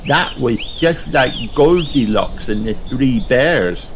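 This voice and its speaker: A man's voice: mid-range voice, expressive, slow, background noise, pitched above the performer's own voice. A man voicing Peppa, a bouncy little piglet girl. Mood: cheerful. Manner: bright, bouncy, eager. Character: cheerful little girl piglet, bossy and excitable.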